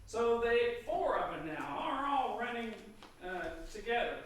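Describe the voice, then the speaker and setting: A man preaching a sermon in a church, retelling a children's story in a relaxed, loose way with fillers and self-corrections. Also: very high-pitched, unhurried, a little hiss or hum. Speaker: priest. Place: church sanctuary. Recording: echoey church from far off.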